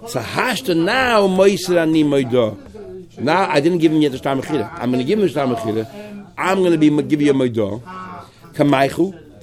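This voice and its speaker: A man leads a Talmud study class at a fast clip. He reads terms and lines in the original and explains them in English, voicing each party in the case as he goes. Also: a little high, a little mellow. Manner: rapid, mixing Hebrew-Aramaic terms with English, quotes lines. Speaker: Talmud teacher.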